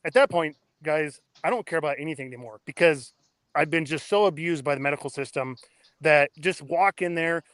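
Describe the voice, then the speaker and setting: A man in his thirties tells his story as a podcast guest, blunt and excitable, with plenty of cursing. His voice sits a little high for a man. The sound is close and dry, with no room around it. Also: fairly quick, no echo. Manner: blunt, excitable, swears freely. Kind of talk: casual interview storytelling.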